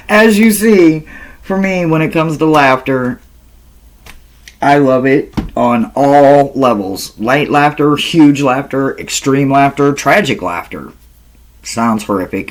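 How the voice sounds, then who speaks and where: A man talks in a relaxed vlog, taking his time over every phrase with an unhurried pace. He laughs often and swears without a second thought, animated and playful. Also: mid-range voice. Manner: slow, drawn-out delivery. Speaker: tarot reader. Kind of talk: casual vlog chat.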